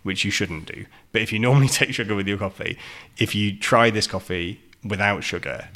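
A man's voice: lowish voice, a little fast, bright, forceful tone. An English man, a coffee shop owner, explaining at length in a casual podcast chat, with many fillers and restarts. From England.

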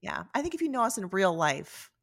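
A woman podcast co-host chatting casually, laughing easily and reacting warmly. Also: mid-range voice, big pitch swings, brisk, vocal fry, dry recording. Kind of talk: casual chat.

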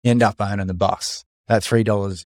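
A man's voice: lowish voice, brisk, no room sound. Fired-up Australian man hosting a podcast. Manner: energetic, blunt, swears, calls people mate. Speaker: podcast host. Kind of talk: casual podcast interview.

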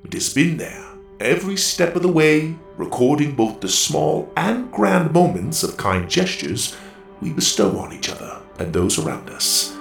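A man voicing a wise, calm male mentor in a storybook, measured and gently persuasive. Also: a little high, vocal fry, echoey room, faint music behind, voice pushed up, full character voice. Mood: reflective.

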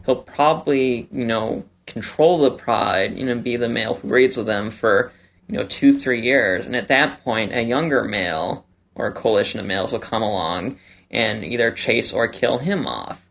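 A man's voice: mid-range voice, normal speed, creaky, a bit bright. A man co-hosting a casual book club podcast, chatty and rambling with many fillers. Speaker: podcast co-host.

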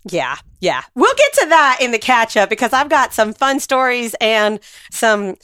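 A woman co-hosting a podcast in casual chat, hoarse from sinus trouble, rambling and laughing often. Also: a little high, big pitch swings, moderate pace, fairly bright tone, dry recording, clean studio sound. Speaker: podcast co-host.

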